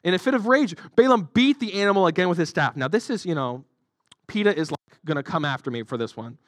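A male pastor delivering a sermon in church, chatty and joking, full of fillers. His voice is high for a man. The sound is dry and close. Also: lively intonation, fast, dry recording. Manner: conversational, jokey, many fillers.

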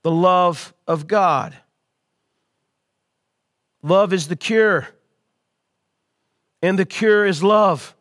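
A man preaching a sermon as pastor, calling out to his congregation and swelling louder on key lines. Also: high voice, very slow, pauses often. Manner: call-and-response preaching to an online congregation.

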